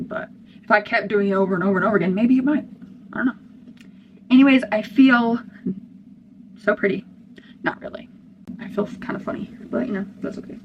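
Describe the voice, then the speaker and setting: A woman's voice: mid-range voice, highs cut off. A young woman chatting casually while doing her hair for a get-ready-with-me vlog. She rambles, loses her train of thought and jumps between topics. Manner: rambling, scattered, easily sidetracked. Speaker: vlogger. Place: family room at home, indoors. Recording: audible background noise.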